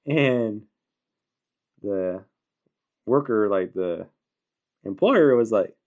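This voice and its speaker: A man's voice: fairly low pitch, lively intonation, slow, long pauses, darkish tone, dull audio. A man in casual podcast chat, telling a rambling story with lots of ums and chuckles.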